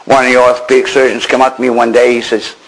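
A man's voice: mid-range voice, level tone, fast talker, rough recording. An older man from Maine telling his own war story with dry, wry understatement. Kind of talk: personal storytelling.

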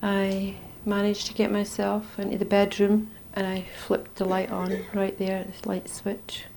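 A middle-aged woman with a Scottish accent tells a personal story. Her delivery is halting and intense, dropping to near-whispers and then rising again. A faint hiss of background noise sits under her voice. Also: medium pitch, monotone, gravelly. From Scotland. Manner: intense, halting storytelling that swings between hushed and raised. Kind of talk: personal testimony.

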